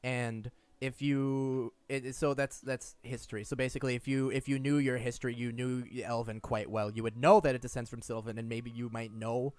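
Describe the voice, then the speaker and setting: A man's voice: medium pitch, steady tone, normal speed, few pauses, a little mellow, smooth, dry recording. A man running a tabletop game as game master, describing scenes in a chatty, casually profane way with many restarts.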